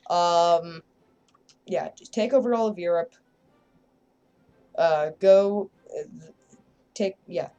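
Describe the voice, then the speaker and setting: A woman's voice: lowish voice, mellow. A woman giving casual, rambling gameplay commentary, joking and self-deprecating as she plays. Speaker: gameplay video creator.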